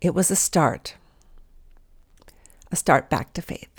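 A woman's voice: sits low, slow pace, slightly rough. A woman giving a devotional talk in an earnest, intimate manner, sometimes dropping to a whisper. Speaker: Christian speaker.

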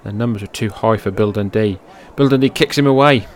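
A man giving amateur play-by-play commentary on a wrestling match, shifting from low, offhand calling to loud, high-pitched outbursts laced with swearing, into his own microphone. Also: fairly quick. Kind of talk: amateur play-by-play commentary over old footage. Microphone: personal microphone.

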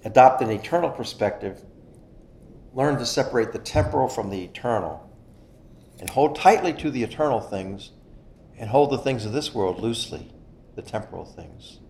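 A man preaching a sermon in an earnest style, stressing key phrases slowly. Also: mid-range voice, animated, gravelly, a little mellow, slight background noise. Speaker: pastor. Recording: echoey room.

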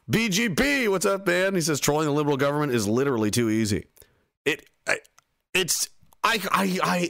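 A man's voice: fairly high pitch, sing-song, normal speed, creaky, a bit bright, dry recording. Angry, profane man ranting. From Canada. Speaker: livestreamer reading chat messages. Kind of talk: ranting livestream commentary.

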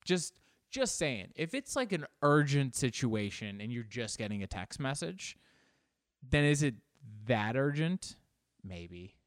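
Male podcast host, rambling self-mocking comic riffs, dry close sound, middle-pitched voice. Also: very animated, measured pace, dry recording. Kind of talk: rambling comedic monologue.

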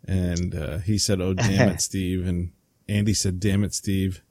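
A man's voice: deep voice, level tone, measured pace, a little mellow, no room sound. A man co-hosting a casual podcast, reading out listener comments and joking with laughs. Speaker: podcast co-host.

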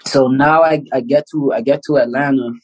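A Canadian man in his 30s, a pro basketball player, guests on a podcast for a casual storytelling interview, speaking in a mid-pitched voice. He's an animated, fast, chatty storyteller who acts out quotes, laughs often, and fills his speech with "you know" and "like." The recording is low quality.

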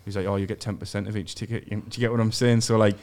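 A man's voice: on the low side, level tone, rapid-fire, darkish tone, clear, resonant tone. A man from England, telling crude, sweary stories on a podcast and acting out other people's lines. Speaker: podcast guest. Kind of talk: storytelling in casual chat. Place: podcast studio.

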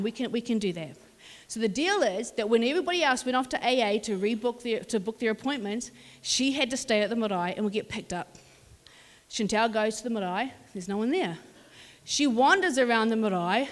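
New woman preaching in a hall. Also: fairly high pitch. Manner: lively, conversational storytelling. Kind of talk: sermon with storytelling. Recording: reverberant hall.

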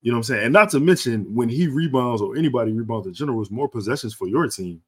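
A man co-hosting a casual podcast, laid-back and halting, often restarting his sentences as he thinks. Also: medium pitch, lively intonation, husky. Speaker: podcast co-host. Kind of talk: casual sports and culture chat.

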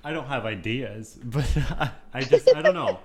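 A man's voice: medium pitch, normal speed, darkish tone. A man co-hosting a casual podcast, giggly and unsure, often trailing off. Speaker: podcast co-host.

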